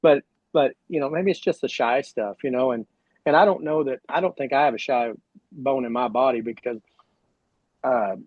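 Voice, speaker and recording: A man's voice: medium pitch, normal speed, no room sound. Male guest, Oklahoma drawl, rambling and chatty; dry, muffled recording. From Oklahoma, USA. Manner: rambling, full of "you know" and restarts. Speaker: guest, sprint car driver. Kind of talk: casual podcast chat.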